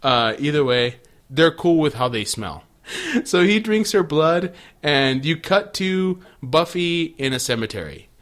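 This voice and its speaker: A man's voice: a little high, animated, measured pace, fairly bright tone. A man co-hosting a podcast, recapping an episode in casual chat with crude jokes. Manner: joking, crude, recaps episodes with running commentary. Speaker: podcast co-host.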